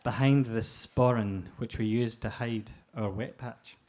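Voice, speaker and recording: A Scottish man comic doing a crude stand-up routine, laying out deadpan setups before his punchlines. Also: mid-range voice, a little slow, slight background noise. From Scotland.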